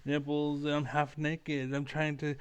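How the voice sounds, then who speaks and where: A man putting on the voice of a coy young woman in a mocking, sing-song falsetto. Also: completely flat delivery, unhurried, clear, resonant tone, lo-fi sound, close to an everyday voice. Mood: coy taunting.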